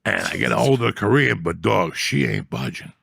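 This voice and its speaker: A comedian guest telling a rambling, profane story in a streetwise, casual way. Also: male voice, on the low side, expressive, brisk, creaky, a bit bright, slightly rough, no room sound, studio quality. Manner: rambling, streetwise, swears often.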